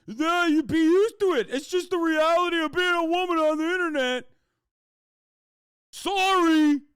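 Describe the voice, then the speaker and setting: A man's voice: very high-pitched, measured pace, a bit bright, no room sound, clean studio sound, voice pushed up. A man putting on the voice of a callous, dismissive internet commenter, mocking and exaggerated. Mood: sneering.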